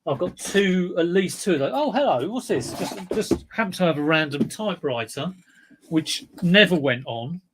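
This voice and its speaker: Male stream host, slightly high voice, rambling casual dad-joke chat. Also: lively intonation, normal speed, noisy background. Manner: chatty, rambling, jokey with dad jokes.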